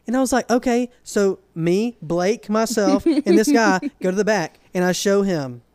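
A man's voice: sits high, normal speed, clean tone, no room sound. A young man, casually telling a story on a podcast and acting out the people in it with a raised voice. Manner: animated, acts out quotes in a raised voice. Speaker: podcast co-host.

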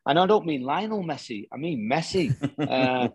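A middle-aged man, a former footballer, chatting casually as a guest and telling lively anecdotes in which he acts out the quoted dialogue. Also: on the high side, moderate pace, husky, no echo. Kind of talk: casual storytelling chat.

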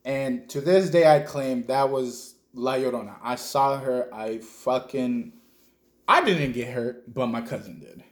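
A man's voice: medium pitch, measured pace. Profane storytelling man in an echoey room. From El Salvador. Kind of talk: casual storytelling.

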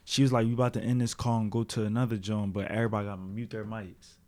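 A man's voice: on the low side, flat delivery, fast talker, dark tone. A man co-hosting a podcast, telling a story in casual chat, full of slang and fillers. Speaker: podcast co-host.

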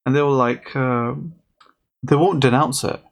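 Gravelly man in rambling casual chat. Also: medium pitch, fairly even intonation, measured pace. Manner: rambling, restarts, argumentative banter.

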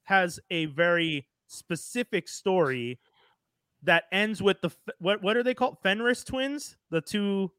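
A man hosting a casual comic book chat, animated and swearing freely as he acts out lines. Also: high voice, a little slow, clean tone, no echo.

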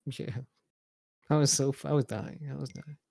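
A man's voice: mid-range voice, fairly even intonation, moderate pace, vocal fry, darkish tone, no echo. A man co-hosting a wrestling review podcast, jokey and profane, laughing often. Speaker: podcast co-host. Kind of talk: casual wrestling review chat.

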